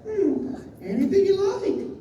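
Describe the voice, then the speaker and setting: An eccentric, flamboyant male candy-factory owner, theatrical and mock-tender, his delivery unhurried and lilting. The voice is high and jumps all over its range. The audio is a distant phone recording in a big echoey convention hall, with a loud crowd behind. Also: very animated, highs cut off, full character voice. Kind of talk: live comedic script reading. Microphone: phone in the audience.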